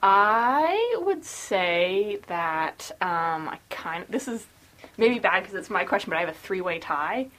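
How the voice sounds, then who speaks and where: A woman's voice: medium pitch, big pitch swings, measured pace, a bit bright. Bubbly woman chatting on a podcast. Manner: bubbly, many fillers, giggly. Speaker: podcast co-host. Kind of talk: casual book podcast chat.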